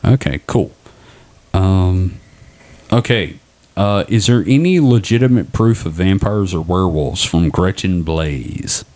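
Young man, podcast co-host, casual chat, low-ish voice, swears freely. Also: unhurried, darkish tone. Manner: loose and profane, joking.

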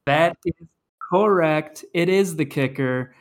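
A man's voice: fairly high pitch, measured pace. A man hosting a casual podcast trivia game, reading clues and announcing scores.

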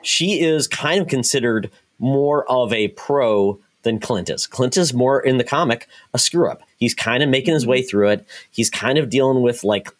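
Animated man leading podcast chat. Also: medium pitch, normal speed, hardly any pauses. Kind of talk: casual chat about comics and TV.

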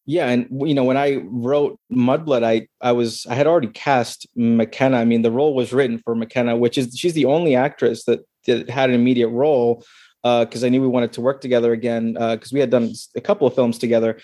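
A man talks about his film over a video call in a casual, rambling way. He restarts often and leans on fillers. His tone is warm and dark, recorded dry and close. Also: mid-range voice, steady tone, brisk, no room sound. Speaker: filmmaker being interviewed. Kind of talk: casual interview answers.

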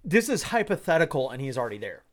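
A man hosting a solo podcast, giving rambling commentary in an animated way and laughing often. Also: mid-range voice, fast. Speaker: podcast host.

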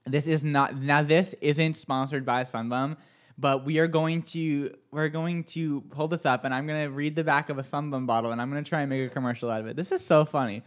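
A podcast co-host in casual chat, excitable and quick to laugh. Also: medium pitch. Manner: excitable, animated, laughing often.

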